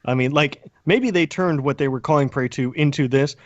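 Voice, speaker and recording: A man's voice: medium pitch, moderate pace, no room sound, dull audio. Rambling, joking male podcast co-host. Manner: rambling, joking, many restarts. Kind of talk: casual chat.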